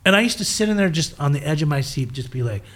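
A man telling his life story as a guest in an interview, animated and acting out the voices of the people he quotes. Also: fairly high pitch, quick pace. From southern California.

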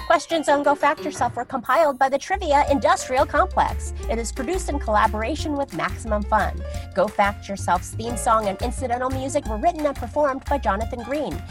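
A woman co-hosting a comedy quiz podcast, playful in her plugs and crisp reading the credits. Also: high-pitched. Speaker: co-host and scorekeeper.

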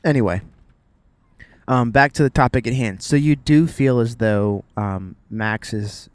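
A man's voice: medium pitch, measured pace, clear, resonant tone, dry recording. A man in his thirties, chatting casually with his wife while driving, with playful jokes and asides. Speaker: vlogger, father. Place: car.

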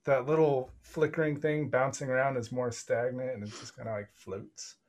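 A young man narrates as game master in a relaxed, conversational way. He laughs often and slips into quick voices for the figures. His voice sits in the middle range. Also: mid-range voice. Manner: casual and laughing, acting out the figures in quick bits.

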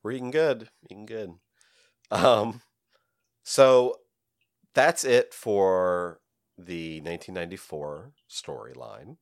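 A man co-hosting a casual podcast chat, animated and giggly, filling gaps with ums. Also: fairly low pitch, slow pace, pauses often, smooth, dry recording, clean studio sound. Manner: animated, giggly, trails off with filler words. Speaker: podcast co-host. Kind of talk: casual chat about comics.

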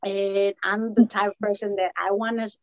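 A woman's voice: mid-range voice, moderate pace, dry recording, low-quality recording. A woman casually telling a podcast host how she met her husband, acting out every line of dialogue. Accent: Latina American English. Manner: animated, acts out quoted dialogue. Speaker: podcast guest. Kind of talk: casual storytelling chat.

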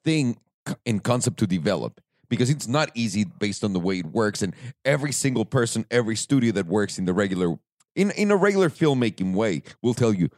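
A man co-hosting a podcast in casual chat, animated and sometimes rushing his words. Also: fairly low pitch, dry recording, studio quality. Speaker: podcast co-host.

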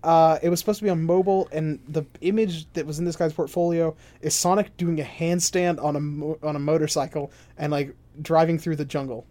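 A young man hosts a casual gaming podcast, jokey and quick to get excited. His voice sits a touch high, and he rattles through news items in a loose, chatty way. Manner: joking, excitable, reads news items aloud. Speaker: podcast host.

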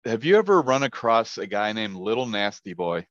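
A man's voice: on the low side, big pitch swings, moderate pace, no echo. A man chatting casually as a podcast guest, friendly and brief. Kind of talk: casual chat. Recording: dry, dull lo-fi sound.

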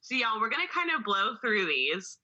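Chatty podcast lady, husky but really bright voice, kinda dull lo-fi sound. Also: fairly high pitch, very animated, moderate pace. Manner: chatty, laughs often, calls listeners baby. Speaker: podcast co-host. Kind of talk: casual chat and reading aloud.

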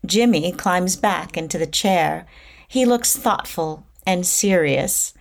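A woman reading stage directions in a plain, measured narration. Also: lowish voice, vocal fry.

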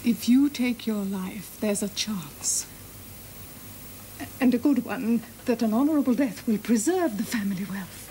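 A woman's voice: on the high side, a little slow, warm tone, a little hiss or hum, natural voice, poor audio. An actress playing a grave Roman noblewoman. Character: scheming Roman noblewoman urging her husband toward suicide. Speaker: actress in a television drama clip. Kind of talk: period television drama.

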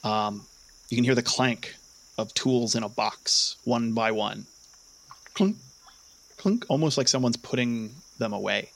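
A young man narrating a tabletop game as its game master. He describes scenes in a halting way, full of fillers and restarts, and laughs easily between lines. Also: medium pitch, creaky, a bit bright. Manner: hesitant, many fillers, laughs often.

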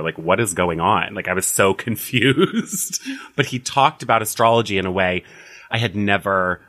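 A man's voice: low-pitched, pushed and bright. A man telling his life story in a casual interview, chatty and full of "like" fillers. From United States. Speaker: astrologer, podcast guest.

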